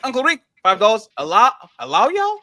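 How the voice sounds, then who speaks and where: A man's voice: extremely high pitch, huge pitch swings, brisk, pushed and bright, no room sound, studio quality. A man hosting a live panel show, reading viewer comments aloud with exaggerated, laughing delivery. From Portugal. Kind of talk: casual chat, reading super chats.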